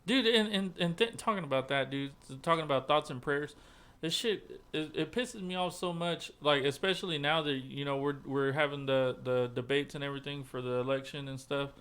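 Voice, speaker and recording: A man's voice: a little high, a little fast, fairly bright tone, smooth. Rambling man hosting a podcast. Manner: rambling, swears freely, many restarts. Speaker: podcast host. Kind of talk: casual chat.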